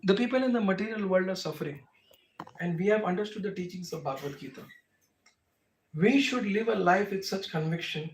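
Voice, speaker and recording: Speaking briskly and expressively in a high voice, a man with an Indian accent leads a devotional class, answering questions emphatically with rhetorical questions. The mic is far off in an echoey room, with a little hiss or hum.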